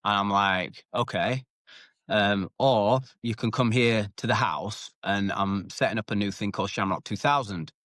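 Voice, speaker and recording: As a guest on a relaxed storytelling interview, a UK ex-MMA fighter talks at an easy pace in a fairly low pitch. Animated and foul-mouthed, he acts out the yelled lines, and the podcast recording is close and dry.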